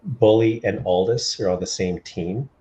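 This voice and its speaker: A man's voice: on the low side, a little slow, mellow. A man who is a guest on a casual review podcast, blunt and dismissive, swearing freely. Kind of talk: casual wrestling review chat.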